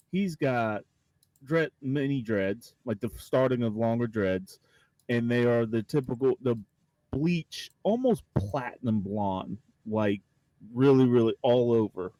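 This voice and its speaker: A man's voice: medium pitch, lively intonation, unhurried, warm tone, dry recording. Guy rambling on about his game character, lots of ums, dry close mic. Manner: rambling, full of fillers. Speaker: tabletop game player.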